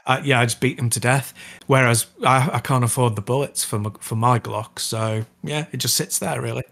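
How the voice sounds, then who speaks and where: A man co-hosting a gaming podcast in casual chat, keen and quick to laugh. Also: mid-range voice, fairly even intonation, vocal fry, a bit bright. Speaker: podcast co-host.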